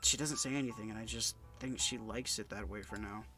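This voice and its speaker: A man's voice: on the low side, steady tone, a little fast, sharp tone, soft background music. A young man with a stuffy nose from sinuses, reading a visual novel game aloud in a subdued, somber way with stumbles. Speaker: let's-play narrator.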